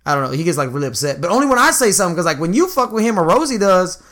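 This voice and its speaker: A man's voice: high voice, big pitch swings, very fast, fairly bright tone. A young man co-hosting a casual podcast, telling profane, slangy stories full of quoted asides. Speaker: podcast co-host. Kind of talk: casual chat.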